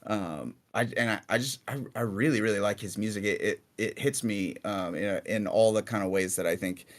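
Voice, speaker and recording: A man casually answering fan questions in a relaxed, rambling way, with many fillers and restarts. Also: on the low side, fairly quick. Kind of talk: casual chat.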